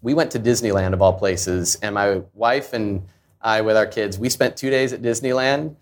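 A man's voice: fairly low pitch, normal speed. A man in his thirties, a company founder, telling a personal story in an interview in an earnest, confessional way. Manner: earnest, confessional, acts out quoted voices. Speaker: founder and CEO, guest.

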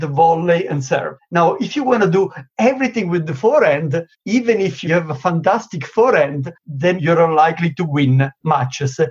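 Guy, husky slightly high voice, lots of "you know", muffled lo-fi sound. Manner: explanatory, many "you know" fillers, animated emphasis. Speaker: negotiation expert guest. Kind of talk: interview answers. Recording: dull lo-fi sound.

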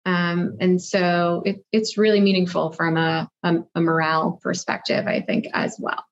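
A woman's voice: lowish voice, flat delivery, moderate pace. Upbeat woman, dull lo-fi audio. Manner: upbeat, thinking aloud with frequent fillers. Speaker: marketing executive guest. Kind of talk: conversational interview answers.

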